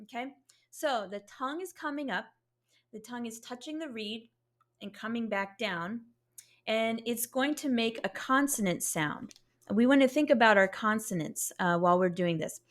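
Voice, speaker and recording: A woman teaching a beginner saxophone lesson, explaining patiently step by step and sounding out syllables to demonstrate. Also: fairly high pitch.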